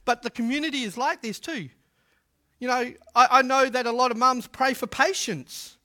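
A man preaching a sermon in a humorous, conversational way, swinging from loud to hushed. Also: very high-pitched, lively intonation, normal speed. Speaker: pastor.

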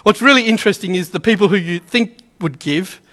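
A man preaching in a loose, conversational way, breaking into little acted-out quotes. His voice sits very high and sounds bright and forceful. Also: brisk. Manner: chatty, storytelling, acts out quotes. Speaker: pastor. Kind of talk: sermon.

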